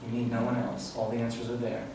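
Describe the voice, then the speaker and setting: A man's voice: mid-range voice, monotone, fast talker, vocal fry. A man giving a live spiritual talk to an audience in an event room, speaking in an earnest, reflective teaching tone. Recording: echoey room, distant mic, faint hiss.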